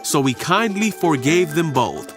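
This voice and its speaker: A man reading a Bible story for children in a gentle, steady storytelling voice. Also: on the high side, a little slow, over music. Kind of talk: scripted Bible story narration for kids.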